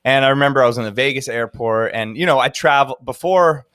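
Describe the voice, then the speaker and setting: A man's voice: mid-range voice, fast, a bit bright, smooth, no room sound. A man in his thirties, a DJ guest telling a story in casual chat, rambling with lots of fillers and laughs.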